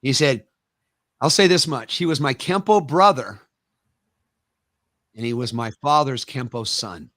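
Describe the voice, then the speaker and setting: Speaking a little slowly with long pauses, a middle-aged American karate master recounts emphatic stories as a guest in a casual interview. His mid-range voice is animated, and there's no echo on the recording.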